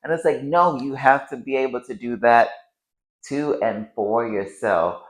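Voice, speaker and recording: A man's voice: mid-range voice, a little slow. A man co-hosting a podcast in casual chat, emphatic and swearing freely, acting out his own inner voice. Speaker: podcast co-host. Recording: roomy echo.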